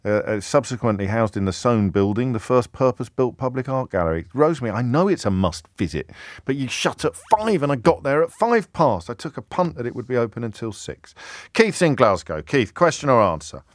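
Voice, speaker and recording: Male phone-in host, playful and quick, dry close studio mic. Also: medium pitch, sing-song, no room sound. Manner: quick, jokey, teasing banter with callers. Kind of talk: live radio phone-in chat. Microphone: studio microphone.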